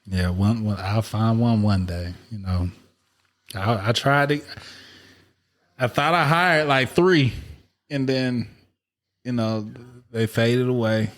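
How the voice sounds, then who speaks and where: Podcast host, male, mid-pitched, casual slangy rambler, candid. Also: slow pace, pauses often. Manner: loose, repetitive, slangy and candid. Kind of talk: casual chat.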